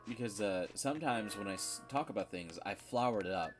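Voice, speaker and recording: A man's voice: fairly low pitch, lively intonation, fairly quick. A man streaming a game, chatting casually in a rambling, frank way and swearing freely. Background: game music.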